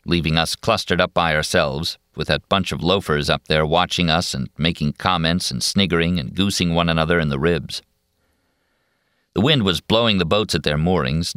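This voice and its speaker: A man narrating a novel in a steady, measured storytelling voice. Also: very deep voice, clean tone, no echo, clean studio sound. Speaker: audiobook narrator. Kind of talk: scripted narration.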